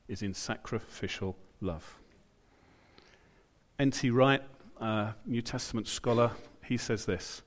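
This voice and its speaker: A British man preaching a sermon in church, in a conversational way, with asides and quotes he acts out. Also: fairly low pitch. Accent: British English.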